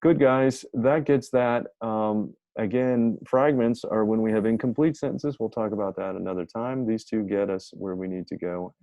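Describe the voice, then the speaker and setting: A man runs a casual grammar lesson in a chatty, energetic way, thinking aloud as he works through the examples. His voice sits low with a gravelly edge. The tone is dark and mellow, and the sound is close and dry. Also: moderate pace, hardly any pauses, dry recording, low-quality recording. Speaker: teacher.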